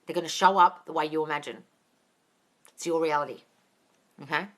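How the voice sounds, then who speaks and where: A woman's voice: sits low, a little fast, a bit bright. A woman coaching viewers on a live stream, reading their comments aloud, calling them darling, and swearing freely as she gives blunt advice. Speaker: manifestation coach answering live questions. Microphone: phone or webcam on a live stream.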